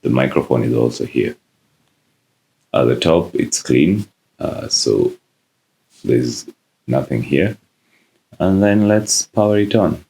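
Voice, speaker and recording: Male tech reviewer, very low and gravelly, casual unboxing talk with lots of fillers. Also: slow, long pauses. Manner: relaxed, many "uh" fillers.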